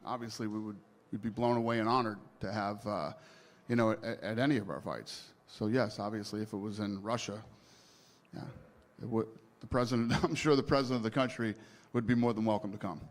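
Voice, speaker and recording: A man speaking for a fight promotion at a press conference, giving a diplomatic, measured answer. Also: lowish voice, steady tone.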